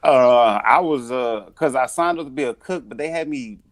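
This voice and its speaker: A man's voice: mid-range voice, moderate pace, dry recording. A man answering as a rapper guest on a podcast, giving short, plain answers in casual chat.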